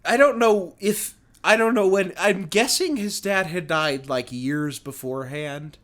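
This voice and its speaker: A man's voice: high-pitched, a little slow. A young man co-hosting a podcast, telling an anecdote in casual chat and acting out the people he quotes. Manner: animated anecdote teller, acts out quoted people. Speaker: podcast co-host.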